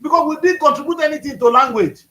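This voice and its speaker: A man's voice: very high voice, fast talker, bright, forceful tone, reverberant, poor audio. A man with a Nigerian accent co-hosting a casual panel chat, talking emphatically and rising to outbursts. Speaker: co-host.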